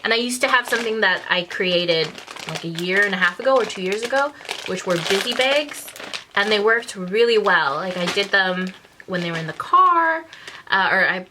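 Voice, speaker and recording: A woman's voice: mid-range voice, expressive, normal speed, background noise. A woman, telling stories casually on her vlog, laughing often and acting out the voices in them. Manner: chatty, laughs often, acts out quotes. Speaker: vlogger. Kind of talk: casual confessional storytelling.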